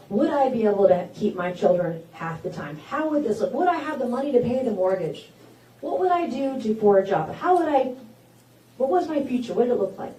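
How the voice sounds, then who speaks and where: A woman in her forties delivers a campaign speech at a town hall, moving from homespun personal stories to rousing promises. Her slightly high voice rings through an echoey hall and is caught from some distance. A faint hum of the room sits behind her. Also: darkish tone. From South Carolina. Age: 40s. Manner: folksy, personal storytelling that builds to rousing declarations. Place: event hall with an audience.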